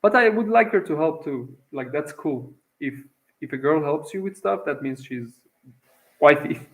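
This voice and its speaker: A man's voice: a little high, animated, moderate pace, fairly bright tone, poor audio. A young man from Iran telling a long personal story in a casual, profane, rambling way, with lots of fillers. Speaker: vlogger.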